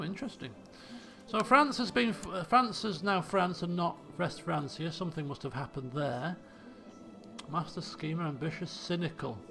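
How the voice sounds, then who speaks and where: Lively man commentating a game. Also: high voice, gravelly. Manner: joking, thinks aloud, jokey asides. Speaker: let's play host.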